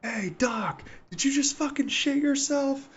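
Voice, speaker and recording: Rowdy young soldiers bellow crude, gleeful jeers at each other across a roadblock, as a man acts them out, their voices pitched way up into a high holler. The audio sounds slightly muffled, with a faint hiss underneath. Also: unhurried, fairly bright tone. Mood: yelling.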